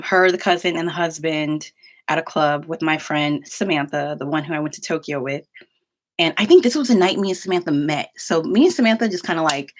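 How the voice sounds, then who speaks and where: A young woman with a somewhat low voice tells a story from her life in a loose, chatty way. She fills her sentences with "like" and breaks off into quick asides as she goes. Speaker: vlogger. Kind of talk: casual storytelling.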